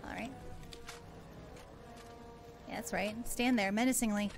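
A woman's voice: medium pitch, steady tone, unhurried, music in the background. A woman streaming a game, chatting casually with her viewers in a playful, giggly way with mock panic. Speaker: VTuber streamer. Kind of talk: casual gameplay livestream.

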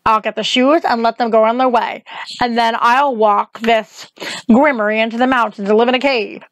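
A woman voicing a sharp-tongued, bossy witch who scolds and snaps orders in an audiobook reading. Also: a little high, fairly even intonation, normal speed, no room sound, close to an everyday voice. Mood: scolding. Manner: scolding, impatient.

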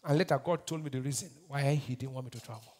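A Nigerian pastor preaching a sermon, asking the congregation to finish his lines and swinging between shouted bursts and quiet asides. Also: medium pitch, fast. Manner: call-and-response preaching, asks the crowd to finish his lines.

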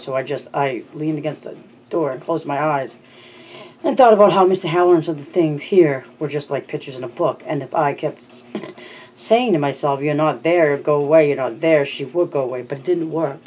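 An audiobook narrator voicing a frightened small boy who blurts out his story in halting bursts. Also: medium pitch, a little mellow, close to an everyday voice. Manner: blurting, halting, stumbling over words.

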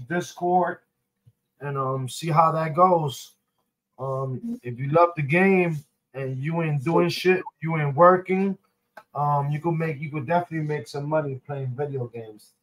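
Young New York man, slightly higher voice, casual streamer chatter full of slang and filler. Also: rough recording. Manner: slangy, loose, many ums and restarts. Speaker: streamer host. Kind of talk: casual chat.

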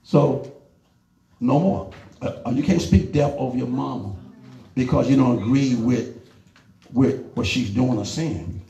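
A man's voice: measured pace, creaky, pauses often. Emphatic preacher man, echoey church. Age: middle-aged. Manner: animated, emphatic, lively swings between loud urging and low asides. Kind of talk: sermon. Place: church hall.

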